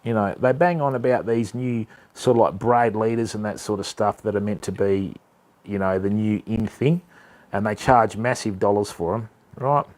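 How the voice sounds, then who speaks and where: A man's voice: on the low side, normal speed, a little mellow. A laid-back Australian man with a slangy manner, chatting casually to live-stream viewers while showing fishing tackle. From Western Australia. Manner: rambling, with many fillers.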